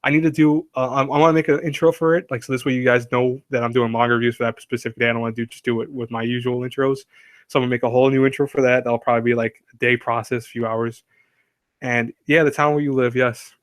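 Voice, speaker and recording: A man's voice: medium pitch, steady tone, fast talker, no echo, studio quality. A man hosting a casual live stream, rambling and chatty, laughing often and reading chat aloud.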